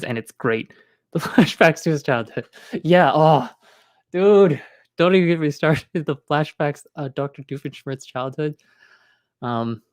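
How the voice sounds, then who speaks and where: A man's voice: mid-range voice, dry recording. Man, casual streamer chat, rambling, fillers, dry close sound. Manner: rambling, many fillers and restarts.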